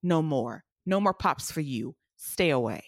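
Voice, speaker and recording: A woman co-hosting a podcast, speaking in a fairly low voice. She talks bluntly and emphatically in a casual, profane way. The recording is close and dry. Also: lively intonation, a little slow, no room sound. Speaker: podcast co-host.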